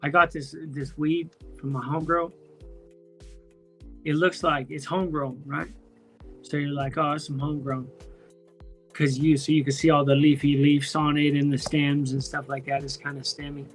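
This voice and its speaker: A man chatting casually on a home live stream, loose and profane, full of slang and restarts, high from smoking weed. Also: flat delivery, normal speed, soft background music. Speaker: streamer talking to chat. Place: at home, indoors.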